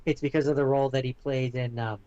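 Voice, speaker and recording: Halting, rambling podcast co-host man. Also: medium pitch, little pitch movement, warm tone, clean tone, dry recording, dull audio. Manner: rambling, halting, many fillers and restarts. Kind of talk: casual chat.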